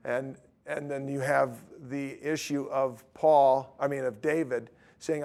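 A man teaching a Bible study who reads scripture aloud and talks haltingly, with many restarts. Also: mid-range voice, little pitch movement, gravelly, darkish tone.

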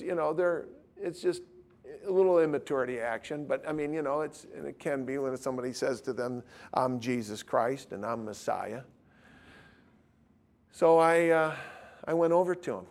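A male preacher delivering a sermon, telling stories in an animated, emphatic way. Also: medium pitch, creaky. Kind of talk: sermon with storytelling.

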